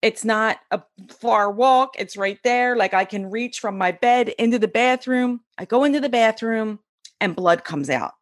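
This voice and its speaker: A woman in her forties, a podcast guest, telling a personal story in a lively, animated way and acting out the voices of the people in it. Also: a little high, unhurried, no room sound, studio quality. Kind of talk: storytelling in an interview.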